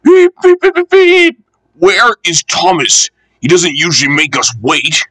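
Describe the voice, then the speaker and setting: A man's voice: fairly high pitch, measured pace, bright, forceful tone, voice pushed up. A man voicing an old, fussy but kind male steam engine in a storybook. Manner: fussing, eager.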